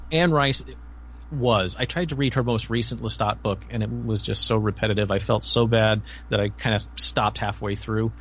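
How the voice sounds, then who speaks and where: A man's voice: medium pitch, a bit bright. A man with a middling voice on slightly muffled audio talks eagerly on a casual panel. He stops and restarts often and fills the gaps with ums. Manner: enthusiastic, halting, many fillers. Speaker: podcast panelist. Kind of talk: casual chat.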